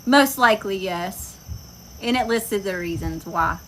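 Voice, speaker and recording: A woman's voice: medium pitch, a little slow, a bit bright, slight background noise, poor audio. A woman giving a casual tarot reading, talking bluntly and emphatically with plenty of profanity. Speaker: tarot reader. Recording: insects and crickets chirping behind.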